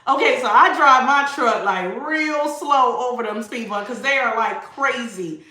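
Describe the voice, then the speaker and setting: Bright, sassy woman tarot reader. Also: on the high side, measured pace, reverberant. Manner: animated, sassy and laughing. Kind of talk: livestream tarot reading.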